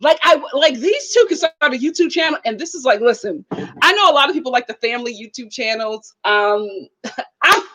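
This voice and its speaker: Lively high-voiced woman reviewing TV. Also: fairly quick, low-quality recording. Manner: animated, laughs often, acts out quotes. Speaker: reality TV reviewer, channel host. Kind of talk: casual live show review.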